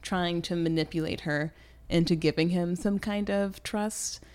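A woman co-hosting a podcast in a casual book discussion, animated, laughing often and acting out quoted lines. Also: fairly low pitch, unhurried. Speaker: podcast co-host.

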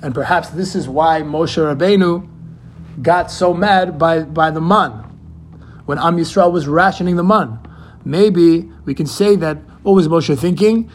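Male Torah teacher, upper-middle pitch, earnest, asks questions, drops in Hebrew terms. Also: a little slow. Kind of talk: weekly Torah portion talk.

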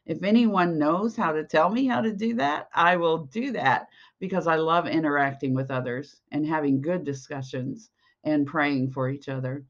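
A podcast preacher giving a slow, earnest devotional sermon and reading scripture aloud. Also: medium pitch, highs cut off.

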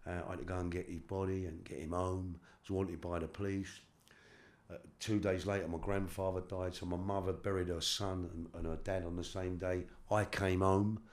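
A middle-aged man from London with a London accent, a guest in a candid interview, talking haltingly with casual slang and repeated words. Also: low voice, level tone. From London, England. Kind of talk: candid life-story interview.

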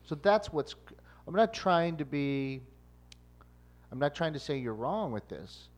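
A man's voice: a little high, very animated, measured pace. A man co-hosting a casual podcast, questioning a claim in a mock-formal, debating way. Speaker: podcast co-host. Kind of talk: casual panel chat.

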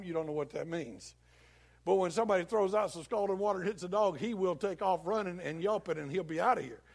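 A male preacher giving a folksy, animated sermon full of homely comparisons. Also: high voice.

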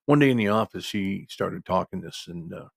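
Gravelly older man telling a story. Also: deep voice, expressive, normal speed, no room sound, studio quality. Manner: emphatic, conversational, digressive. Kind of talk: casual spoken storytelling.

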